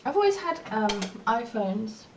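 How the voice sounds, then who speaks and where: A woman's voice: on the high side, sing-song, unhurried, darkish tone, a little hiss or hum. Chatty woman, distant dull mic. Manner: rambling, chatty and self-mocking. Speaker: beauty vlogger. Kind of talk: casual chat while doing makeup.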